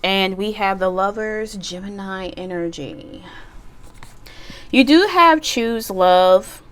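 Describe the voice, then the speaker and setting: A woman's voice: medium pitch, takes it slowly, clear, resonant tone. A woman giving a casual pick-a-card tarot reading, chatty and playful, with bawdy jokes and bursts of laughter. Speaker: tarot reader.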